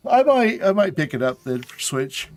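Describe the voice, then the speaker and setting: A man's voice: mid-range voice, moderate pace. A man casually chatting to his viewers while playing a game on a live stream, sounding tired and yawning. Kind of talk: casual live gameplay chat.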